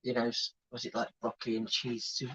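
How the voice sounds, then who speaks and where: A man's voice: medium pitch, completely flat delivery, a little fast, bright, forceful tone, slightly rough, rough recording. A man co-hosting a home live stream, talking casually and rambling with frequent "like I say". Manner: rambling, repeats "like I say". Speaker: co-host of a weigh-in live stream.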